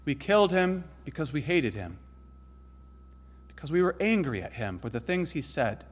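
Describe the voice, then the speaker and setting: A man preaching a sermon in an earnest way, rising to emphatic peaks and then dropping low and soft. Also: sing-song, moderate pace.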